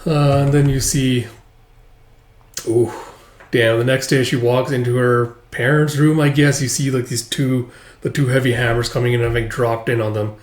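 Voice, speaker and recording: A man's voice: mid-range voice, little pitch movement, normal speed. A man casually recapping a manga chapter aloud, rambling and loose, saying "like" often. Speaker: manga reader and reviewer. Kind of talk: casual read-through recap. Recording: echoey room.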